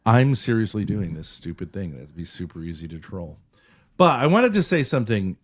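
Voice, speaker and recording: A man's voice: fairly low pitch, very animated, normal speed. A man chatting casually as a streamer reviewing his call-in, rambling, joking and provocative. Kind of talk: casual chat.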